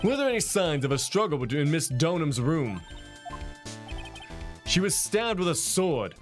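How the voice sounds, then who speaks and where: A man voicing an earnest young male defense lawyer with lively, pointed questioning. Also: a little high, unhurried, soft background music, voice pushed up.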